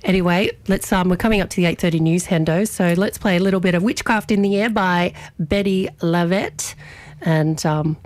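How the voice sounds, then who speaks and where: A young adult woman radio host telling a story in an animated, chatty way, often restarting her sentences. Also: fairly low pitch, moderate pace, no room sound. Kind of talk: casual storytelling chat on radio.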